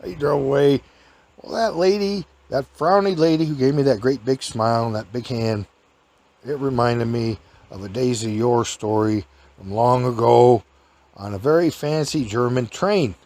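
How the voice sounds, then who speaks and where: A man with a gravelly, creaky voice tells a rambling, folksy anecdote. He chuckles often and drifts from one tale to the next in a loose, homespun way. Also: mid-range voice, moderate pace, a little mellow. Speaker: podcast host and storyteller.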